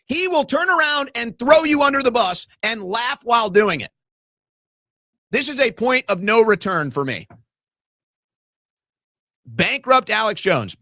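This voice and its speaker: A man's voice: high-pitched, bright, forceful tone, no echo, studio quality. A man hosting a live political commentary show, ranting indignantly and speaking straight to his audience as folks.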